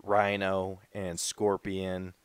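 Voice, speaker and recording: A man's voice: sits low, completely flat delivery, extremely slow, smooth, no room sound. A man co-hosting a podcast in casual chat, laid-back and loose, full of filler words. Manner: laid-back, lots of "like" and "dude". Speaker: podcast co-host.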